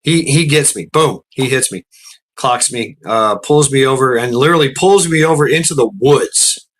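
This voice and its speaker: A man's voice: medium pitch, normal speed, fairly bright tone. A man, telling a story in a profane, rambling way and often repeating words. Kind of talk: casual storytelling.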